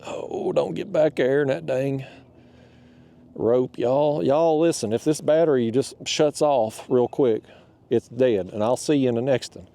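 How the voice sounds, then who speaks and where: A man's voice: medium pitch, a little slow, vocal fry, warm tone. A man hosting a fishing vlog from a kayak outdoors. He talks in a folksy, chatty way and speaks to the fish while recorded on a boat-mounted camera. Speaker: kayak fishing channel host. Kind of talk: casual on-the-water vlog talk.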